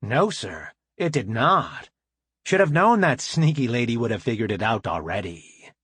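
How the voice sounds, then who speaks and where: A man's voice: mid-range voice, very animated, normal speed, a bit bright, no room sound. A man voicing a frank female starship engineer. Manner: crisp, formal military address.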